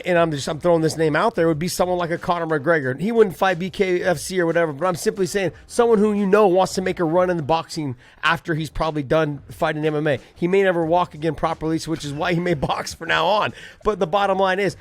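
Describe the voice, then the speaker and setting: Joking high-voiced man co-hosting. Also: fast, hardly any pauses. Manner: joking, teasing, laughs easily. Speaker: podcast co-host. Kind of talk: casual sports chat.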